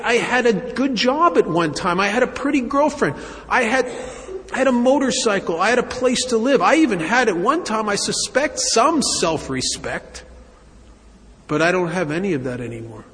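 A man telling a first-person recovery story to an audience in a wry, self-mocking way, with halting restarts. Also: a little high. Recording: long hall reverb, faint ambience.

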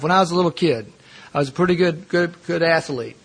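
At a recovery meeting, a middle-aged man tells his own story earnestly and with self-mockery, laughing often. His husky voice sits on the high side, and he speaks quickly.

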